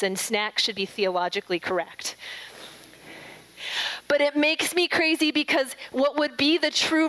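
A middle-aged woman preaching an earnest, emphatic sermon, slowing and softening her voice on scripture quotes. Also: sits high, smooth, poor audio.

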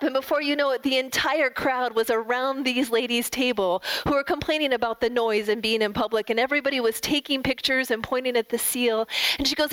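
A middle-aged woman giving a devotional talk, gentle and reflective, telling a family story and closing in prayer. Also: on the high side, fairly quick, no room sound, low-quality recording. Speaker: devotional speaker.

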